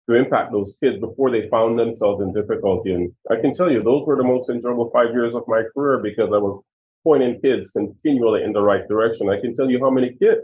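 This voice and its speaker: A man's voice: mid-range voice, a little mellow, a little hiss or hum. A man in his sixties, originally from Jamaica, a retired police chief earnestly telling personal stories in an interview. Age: 60s. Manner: earnest, emphatic storyteller. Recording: tinny phone-like audio.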